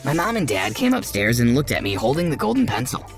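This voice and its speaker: A narrator telling a first-person storytime tale in a steady, even manner, over background music. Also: mid-range voice, fast.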